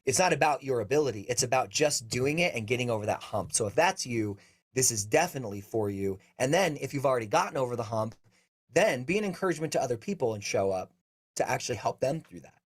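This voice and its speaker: A man's voice: mid-range voice, animated, quick pace. Upbeat joking man on a video call. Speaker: co-host of live Q&A. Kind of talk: casual live-stream chat.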